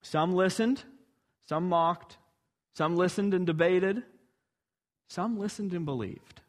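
A man's voice: sits high, slow. A man preaching a sermon, earnest and emphatic, building to rhetorical questions.

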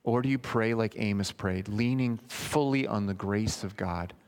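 A man's voice: lowish voice, normal speed, a little mellow, clear, resonant tone. A man preaching a sermon in an earnest, emphatic way, speaking directly to his listeners as friends.

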